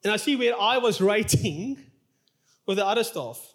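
A man's voice: high-pitched, animated, normal speed. A male pastor preaching a sermon in a church, telling a personal story in an open, emotional, confessional way.

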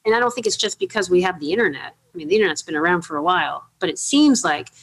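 A middle-aged woman hosting an interview, telling chatty, animated anecdotes with many fillers. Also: lowish voice, very fast, slightly rough. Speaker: podcast host. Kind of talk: casual storytelling interview.

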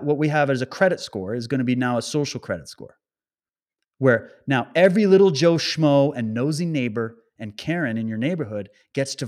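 Medium in pitch and darkish in tone, this man's voice carries an agitated, ranting monologue. Question after rhetorical question comes rapid-fire at his audience, every line emphatic and worked up.

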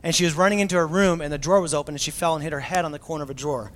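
A man in his thirties with a fairly high voice gives a sermon as a pastor. He tells it like a chatty, self-mocking story, full of fillers and asides. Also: steady tone, very fast.

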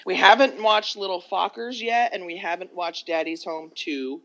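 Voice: medium pitch, normal speed, a bit bright, lo-fi sound. A podcast co-host in casual chat, swearing freely and trailing off mid-thought.

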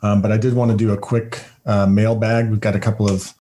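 A man's voice: fairly low pitch, level tone, fairly quick, dark tone. A man hosting a podcast, speaking emphatically with frequent restarts in a casual theological discussion. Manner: emphatic, many fillers and restarts. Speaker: podcast host.

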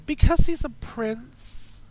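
A woman's voice: high voice, takes it slowly, darkish tone, slight background noise. A congested woman hosting a chatty podcast, sassy and profane, calling her listeners darlings and girls. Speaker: podcast host. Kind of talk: casual chat show monologue.

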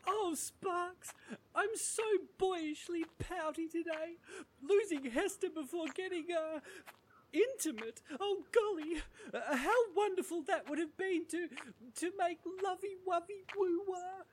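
A woman's voice: extremely high pitch, unhurried, slight background noise. A woman voicing a soppy, childlike, lovesick young man who gushes in baby talk, in a comedy sketch.

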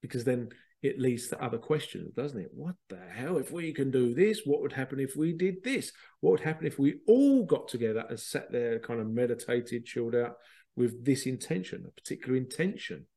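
A man, a spiritual medium, casually telling a rambling, excitable story, repeating himself and swearing now and then. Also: medium pitch, fairly quick. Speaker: spiritual medium and podcast host.

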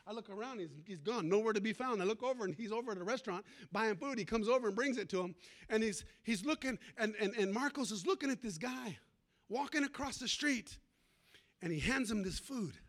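A middle-aged man pastor preaching a sermon, storytelling with sudden shouts and call-outs to the congregation. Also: high voice, animated, a little fast. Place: church.

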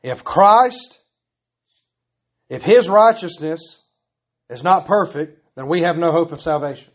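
Male pastor, earnest repetitive sermon delivery, slightly high pitch. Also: lively intonation, measured pace. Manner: earnest, pleading, repetitive emphasis.

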